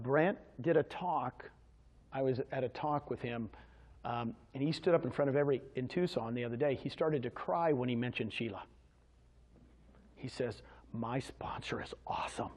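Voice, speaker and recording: Energetic man quizzing his audience. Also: a little high. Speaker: presenter at a real estate agent meeting. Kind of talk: motivational sales presentation.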